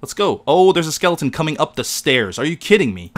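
A man chatting casually while playing a game with a friend, excitable and quick to yelp when startled. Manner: excitable, jumps high in pitch when startled. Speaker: gamer. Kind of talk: casual gaming commentary.

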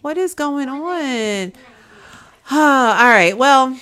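A woman's voice: sits high, animated, drawn-out words, bright, forceful tone. A woman giving casual gameplay commentary, chatting to her viewers and coaxing her game characters along. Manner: chatty, coaxes and scolds her game characters, says "y'all". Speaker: gaming video creator.

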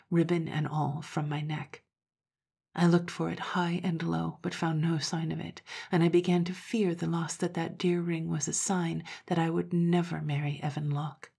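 A woman narrating an old-fashioned story in a soft, hushed, often half-whispered voice. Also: on the low side, vocal fry, breathy edge.

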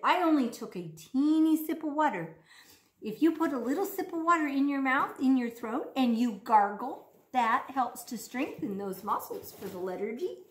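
A woman speech therapist leading a practice lesson for children at home, playful and exaggerated in a sing-song teacher voice. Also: sits high. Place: home room. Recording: echoey room.

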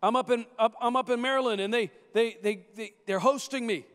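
A man, a guest minister, telling stories and prophesying in a sermon with animated, restarting delivery. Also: extremely high pitch, clear, resonant tone. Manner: animated, storytelling, repeats words in quick restarts.

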